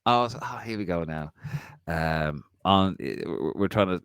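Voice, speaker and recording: A man's voice: deep voice, a little slow, clear, resonant tone, dry recording, studio quality. A man hosting a podcast, chatting casually and laughing as he reads out viewer comments. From Ireland.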